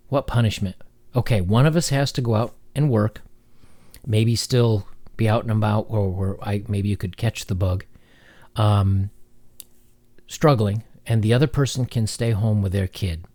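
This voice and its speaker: Brief: male commentator, low mellow voice, sarcastic reading of an article, close dry mic. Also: no room sound. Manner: sarcastic, mocking, halting with fillers. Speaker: commentary channel host.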